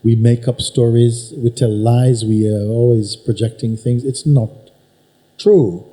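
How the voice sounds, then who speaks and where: A man teaching at a spiritual gathering, unhurried and emphatic, probing his listener with repeated questions. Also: medium pitch, steady tone, dark tone, poor audio. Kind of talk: satsang teaching talk. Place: teaching hall with an audience.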